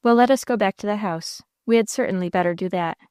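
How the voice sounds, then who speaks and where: An ardent young suitor from an old romance pleads with emphatic devotion, as a woman narrator voices him. The voice is smooth and clear, and the sound is close and dry. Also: medium pitch, quick pace, a little mellow, no room sound, lightly acted. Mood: coaxing.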